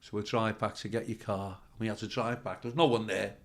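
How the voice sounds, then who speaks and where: A man's voice: on the low side, fairly even intonation, fast talker. A male comedian telling rambling anecdotes as a podcast guest, swearing freely. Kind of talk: storytelling in a podcast interview.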